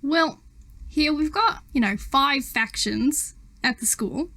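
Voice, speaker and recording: A woman's voice: sits high, expressive, takes it slowly, sharp tone, dry recording, heavily acted. A woman voicing a laid-back teenage boy chess player in an attempted New Zealand accent. He keeps calling people mate. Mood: easygoing. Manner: easygoing, calls people mate.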